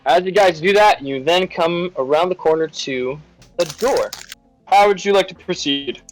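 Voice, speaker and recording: A man's voice: high voice, moderate pace, faint music behind, rough recording. A man narrating as dungeon master in a tabletop game, in a loose and chatty way.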